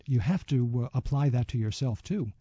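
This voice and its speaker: A man being interviewed as a yoga teacher, speaking reflectively and telling a story with many pauses and fillers. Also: mid-range voice, expressive, mellow, breathy edge, dry recording, highs cut off. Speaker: yoga teacher and author, guest. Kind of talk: radio interview.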